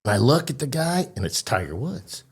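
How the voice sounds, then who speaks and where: A man's voice: mid-range voice, sing-song, fairly quick. A man hosting a podcast, telling stories in a casual chat in an easygoing way and often laughing along. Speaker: podcast host.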